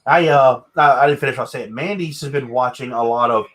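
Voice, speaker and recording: A man's voice: medium pitch, fairly quick, fairly bright tone. A man hosting a casual interview over a video call. He talks in a loose, rambling way, repeats his words, and likes slipping into impressions. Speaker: host. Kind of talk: casual chat.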